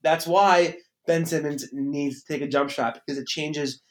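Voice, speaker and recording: A man's voice: fairly high pitch, fairly even intonation. Opinionated sarcastic man talking basketball. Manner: sarcastic, opinionated, talks fast in bursts. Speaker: podcast host. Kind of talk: casual sports chat.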